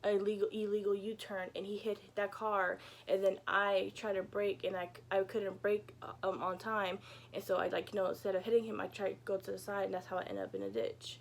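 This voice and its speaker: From her home bedroom, a young woman vlogger tells a casual storytime, chatty, sprinkled with "like" and "you know," and swearing freely. Her medium-pitched voice is gravelly and a little fast, with slight background noise.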